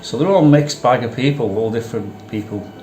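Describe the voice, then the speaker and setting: A man's voice: medium pitch, brisk, darkish tone. A man hosting a vlog who talks in a casual, conversational way and repeats phrases for emphasis. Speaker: vlog host. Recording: echoey room with music behind.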